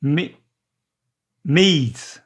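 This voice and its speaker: An older man, chatting casually with his son in a slow, drawling way and stumbling over words. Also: on the high side, lively intonation. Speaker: co-host, father of the host. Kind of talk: casual family chat.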